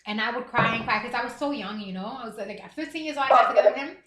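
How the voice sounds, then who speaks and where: A woman in her thirties chats openly with her livestream viewers, laughing often between thoughts. Her voice sits high and sounds bright and forward. The room around her is echoey. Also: rapid-fire. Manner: candid, chatty, laughs often. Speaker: livestream host. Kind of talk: casual chat.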